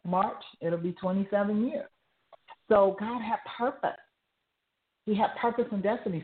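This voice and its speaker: Woman in her fifties, low voice, tinny phone line, earnest and preachy, laughs a lot. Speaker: talk show host. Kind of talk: casual testimony on a radio talk show.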